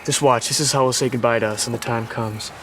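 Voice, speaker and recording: A man's voice: mid-range voice, fairly even intonation, quick pace, fairly bright tone, close to an everyday voice. An actor playing a wry adult man in a film clip, speaking in a dry, mocking way. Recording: film clip with background noise.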